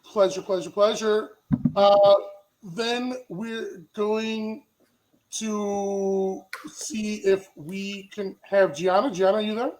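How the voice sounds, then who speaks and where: A man with a high voice hosts a livestream panel from a video call. He sounds playful and upbeat and jokes with his guests as he welcomes them on. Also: flat delivery, extremely slow, darkish tone, poor audio. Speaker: host.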